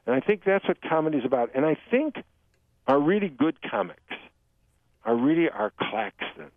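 Gravelly older man on a tinny line. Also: fairly high pitch, moderate pace, no echo. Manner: animated storyteller, jumps into joke voices. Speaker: guest author. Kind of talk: radio interview. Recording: dry tinny radio phone-line sound.

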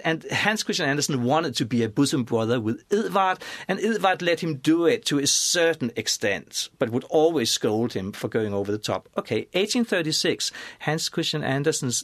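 A man, a scholar and author, explaining at length in a lively, storytelling way, with many restarts and asides. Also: medium pitch, no room sound, studio quality. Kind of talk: conversational expert explanation.

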